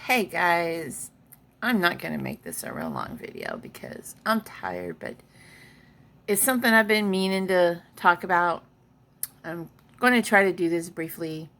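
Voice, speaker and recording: A woman's voice: lowish voice, big pitch swings, unhurried, creaky, fairly bright tone. A woman vlogging from home in a chatty way, reading an article aloud and adding her own comments. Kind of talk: casual chat.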